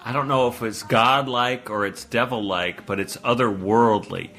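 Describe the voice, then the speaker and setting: A man interviewed for a radio documentary, speaking in an animated way and breaking into vocal impressions. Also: mid-range voice, normal speed, soft background music.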